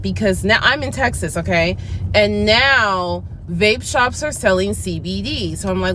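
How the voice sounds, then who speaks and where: A woman's voice: mid-range voice, animated, unhurried, pushed and bright, slight background noise. A woman vlogger talking candidly in a casual chat review, acting out her side of conversations as she tells them. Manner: chatty and candid, acts out her side of dialogues.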